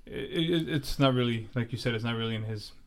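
A man co-hosting a podcast in casual chat, often agreeing with quick repeated affirmations. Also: mid-range voice, gravelly. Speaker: podcast co-host.

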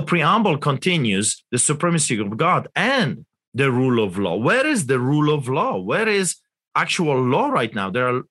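Male pastor, impassioned interviewee; forceful, bright delivery, indignant and rhetorical. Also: mid-range voice. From Canada. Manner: fervent, indignant, rhetorical questions.

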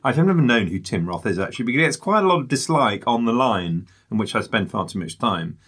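A man's voice: on the low side, lively intonation, quick pace, a bit bright, slightly rough. A man, co-hosting a casual film review with jokey, rambling asides.

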